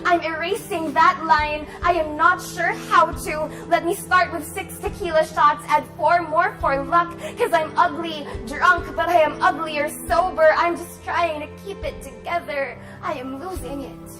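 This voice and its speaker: A woman's voice: extremely high pitch, fairly even intonation, measured pace, few pauses, over music. A woman, a confessional poet, speaking about her work and performing a spoken word poem with rising intensity. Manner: confessional, intense, builds from hushed to forceful. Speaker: guest poet.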